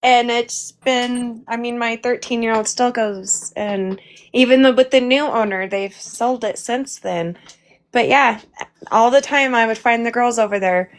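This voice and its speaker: A woman guest in casual chat, the mother of a missing teen, who talks in a relaxed, chatty way and laughs often. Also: fairly high pitch, measured pace.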